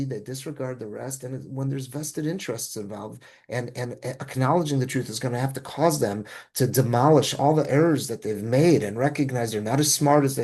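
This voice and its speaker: A man's voice: medium pitch, darkish tone. A man, a rabbi, telling a travel story in casual discussion, rambling with frequent restarts and self-corrections.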